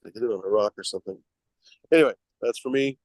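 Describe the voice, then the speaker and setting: Guy with a warm low-key voice rambling on his stream, lots of uhs, dry mic. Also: no echo, low-quality recording. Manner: rambling, halting with fillers. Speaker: show host. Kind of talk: casual livestream chat.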